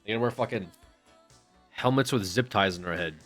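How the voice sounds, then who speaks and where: A man's voice: on the low side, fairly quick, fairly bright tone, faint music behind. A man streaming live, chatting casually and rambling with profane jokes to his chat.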